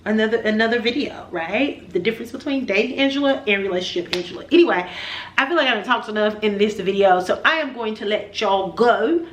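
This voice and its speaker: A woman's voice: fairly high pitch, animated, fast, fairly bright tone, slight background noise. A woman in her forties chatting casually to her viewers, playful and emphatic with teasing asides. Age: 40s. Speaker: vlogger. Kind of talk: casual chat to camera.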